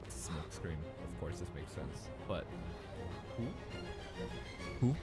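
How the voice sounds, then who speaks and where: A man hosting an anime reaction video, excitably thinking out loud and laughing often. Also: extremely low pitch, slow, loud music behind the voice. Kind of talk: live reaction commentary.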